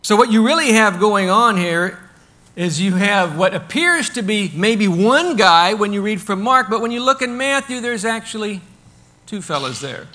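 A man preaching a sermon in a conversational, animated way, asking rhetorical questions and loudly acting out the crowd. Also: high-pitched, moderate pace. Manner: animated, acts out the crowd and shouts with sudden bursts. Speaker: pastor.

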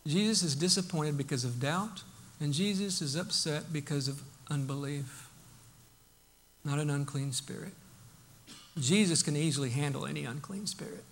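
A man preaching a sermon, emphatic, acting out Bible quotes and dropping to a hush for his points. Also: fairly high pitch, normal speed. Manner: emphatic, swings from loud to hushed, acts out Bible quotes.

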